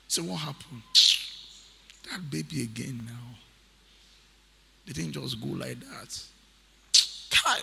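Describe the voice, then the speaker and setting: Emphatic preacher in a reverberant hall. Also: male voice, fairly high pitch, slow, vocal fry, pauses often, sharp tone, slightly rough. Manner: emphatic preaching, repeats key phrases, reads scripture aloud. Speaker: pastor. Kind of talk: sermon.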